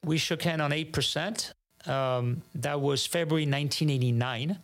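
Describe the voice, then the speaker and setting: A man's voice: fairly high pitch, normal speed. French-accented man telling a story. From France. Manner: animated, acts out dialogue, frequent restarts. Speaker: guest. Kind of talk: casual storytelling.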